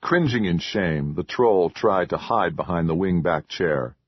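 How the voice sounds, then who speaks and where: A man narrates a horror novel in a low, husky voice and a measured rhythm. The recording is dry and a bit dull, like a home setup. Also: no room sound. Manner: measured, even storytelling. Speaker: audiobook narrator. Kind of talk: scripted narration.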